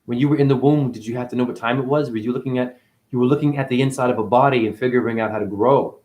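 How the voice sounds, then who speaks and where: A man's voice: medium pitch, steady tone, fast talker, darkish tone. A man giving a spiritual monologue as a teacher, preachy and profane, firing one rhetorical question after another.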